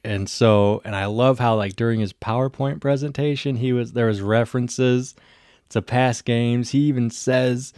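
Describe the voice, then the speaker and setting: Male host, mid-pitched, rambling enthusiastic recap, dry close sound. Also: normal speed, clean tone, no room sound. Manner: excited, rambling recap with many "like" fillers. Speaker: channel host reviewing a TV episode. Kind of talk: casual video review recap.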